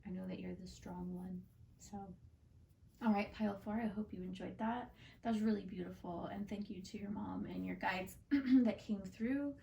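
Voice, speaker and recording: A woman's voice: mid-range voice, normal speed, creaky, warm tone, recorded from a distance, a little hiss or hum. A woman giving a casual, heartfelt tarot reading, chatty and full of fillers. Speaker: tarot card reader and channel host.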